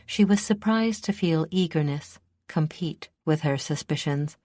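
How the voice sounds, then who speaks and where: A woman narrating a fantasy audiobook in a steady, measured way. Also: low-pitched, no room sound, clean studio sound. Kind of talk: scripted narration.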